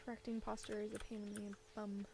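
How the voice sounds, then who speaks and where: Female game streamer, chatty and rambling, slight gravel in the voice. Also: medium pitch, completely flat delivery, brisk, a little hiss or hum. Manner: chatty, rambling, thinks out loud with little laughs. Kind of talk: casual gameplay commentary. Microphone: desk microphone set low.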